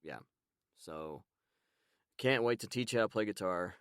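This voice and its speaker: A man hosting a podcast, talking tenderly to his baby son in a rambling, casual way with frequent pauses. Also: lowish voice, lively intonation, clear, resonant tone, no room sound, clean studio sound. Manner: warm, rambling, with frequent ums and soft laughs. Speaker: podcast host and father.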